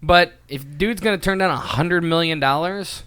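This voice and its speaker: A man's voice: fairly high pitch, normal speed, bright, forceful tone, clear, resonant tone. An American man co-hosting a podcast, chatting casually and joking with a lot of laughter. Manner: jokey, laughs often. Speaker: podcast co-host and part owner. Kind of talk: casual chat.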